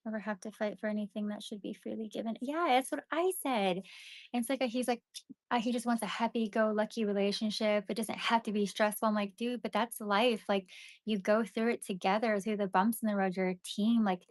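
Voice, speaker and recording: A woman's voice: mid-range voice, steady tone, fairly quick, no echo. A young woman chatting casually and venting to her live-stream viewers, with "like" and "you know" running through her talk. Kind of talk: casual rambling chat to viewers.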